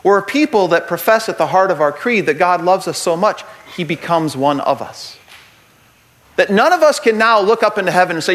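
Brief: man, Catholic speaker, jokey storyteller turning earnest, voice a bit high. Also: brisk. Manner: animated storyteller, jokey asides, builds to earnest points. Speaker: Catholic speaker giving a talk on the Eucharist. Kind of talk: humorous teaching talk to a group.

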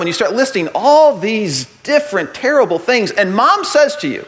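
Brief: man, Catholic speaker, jokey storyteller turning earnest, voice a bit high. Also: a little fast, a little hiss or hum. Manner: animated storyteller, jokey asides, builds to earnest points. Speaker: Catholic speaker giving a talk on the Eucharist. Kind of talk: humorous teaching talk to a group.

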